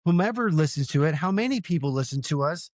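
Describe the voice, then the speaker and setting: A man in his thirties from Southern California, co-hosting a casual podcast with profane, emphatic storytelling that turns soft and slow when he gets sincere. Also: on the high side, lively intonation, no echo, studio quality. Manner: softens and slows when sincere. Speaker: podcast co-host. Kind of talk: casual chat.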